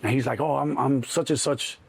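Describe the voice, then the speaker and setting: A middle-aged man with a Chicago accent, telling a story in an interview, animated and swearing freely, acting out the other voices. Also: medium pitch, brisk, gravelly, husky. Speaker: interview guest. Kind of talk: casual storytelling.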